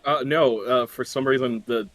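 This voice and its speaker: A man's voice: mid-range voice, fairly even intonation, normal speed, a bit bright, slight background noise. A man in casual voice chat with a streamer, offhand and easygoing with mumbled fillers. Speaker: co-player.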